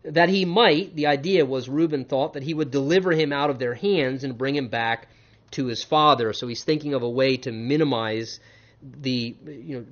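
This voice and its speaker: A man preaching a sermon, reading scripture aloud and commenting on it emphatically, swinging between loud stresses and quiet asides. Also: a little high. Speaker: pastor. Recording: dull lo-fi sound.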